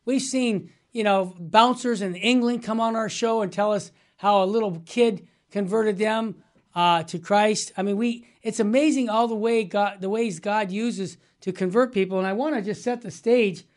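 Excitable woman talk-show co-host. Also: medium pitch, moderate pace. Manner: enthusiastic, exclamatory. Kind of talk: lively broadcast talk-show chat.

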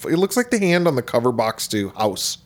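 A middle-aged man co-hosting a movie podcast. His pitch swings widely, lively and animated, as he keeps slipping into little voices for the characters he describes. His delivery is chatty and loose. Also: a little fast. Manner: animated storyteller who acts out characters' lines. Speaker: podcast co-host. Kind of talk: casual chat about movies.

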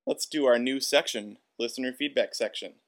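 A man with an Upper Midwest accent co-hosting a podcast, animated and laughing often as he talks. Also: mid-range voice, moderate pace. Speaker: podcast co-host. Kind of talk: casual podcast chat.

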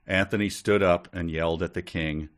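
A man's voice: low-pitched, fairly even intonation, normal speed. A man co-hosting a podcast, reading book passages and adding wry comments. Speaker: podcast co-host. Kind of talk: casual chat, reading a book aloud.

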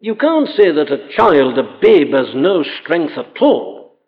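A fairly high-voiced man preaching in an earnest, emphatic way, pushing his voice up on the questions he drives home. The recording is thin and phone-like, and the sound hangs in a long reverb like a large hall. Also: wildly swooping pitch, slow. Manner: earnest, emphatic, rising to exclamations. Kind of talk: sermon.

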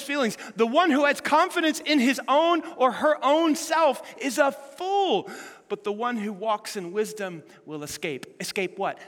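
A man preaching a sermon as pastor, animated and full of rhetorical questions to the congregation. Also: high-pitched, in a large hall.

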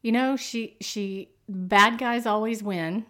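A woman co-hosting a casual chat, recapping a show and acting out quotes with lively emphasis. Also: a little high, slow. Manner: animated, acts out quotes with emphasis. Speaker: co-host.

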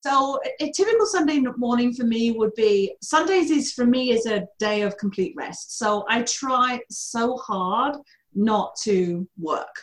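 A woman's voice: on the high side, expressive, unhurried. A middle-aged woman with a distinct accent, a mortgage broker being interviewed, talking bluntly and laughing at her own jokes. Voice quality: distinct accent noted by hosts. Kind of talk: casual podcast interview. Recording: roomy echo.

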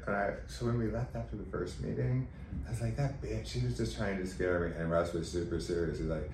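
A man guest on a podcast, candidly telling a personal story in an emotional, animated way and acting out quoted dialogue. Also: deep voice, fairly quick. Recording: roomy echo, faint background noise.

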